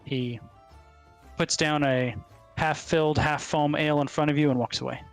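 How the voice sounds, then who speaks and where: A man's voice: on the high side, fairly even intonation, normal speed, clear, resonant tone, soft background music. A man narrating as game master in a casual way, with many ums and uhs.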